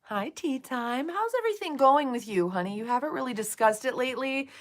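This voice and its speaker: A woman's voice: high voice, lively intonation, a little fast. A woman streaming live, chatting casually with viewers, swearing freely and soothing them by turns. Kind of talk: casual livestream chat.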